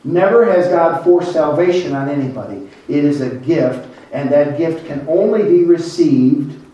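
An older man preaching a sermon as a pastor, calling on the congregation and slowing down to stress his points. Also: on the high side, expressive, mellow. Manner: preaching, calls on the congregation, slows down for emphasis. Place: church. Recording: echoey church hall, mic far off, dull.

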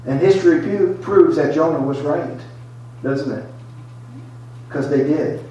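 A man's voice: fairly high pitch, measured pace, long pauses, mellow, dull audio. A man preaching a sermon in a folksy, emphatic storytelling way. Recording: echoey hall, mic far off.

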